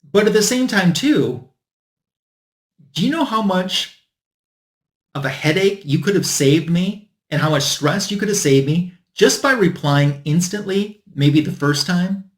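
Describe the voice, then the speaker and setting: A man's voice: sits high, animated, a little slow. A man hosting his own comic book channel, telling a story in a casual, exasperated way and acting out what others said to him. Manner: exasperated, retelling a complaint with quoted dialogue.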